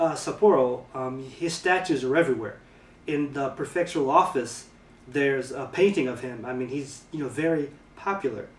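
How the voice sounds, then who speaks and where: A man from the United States talking casually to camera for his vlog, relaxed and halting, filling pauses with ums and uhs. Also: mid-range voice, reverberant, far from the mic. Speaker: vlogger.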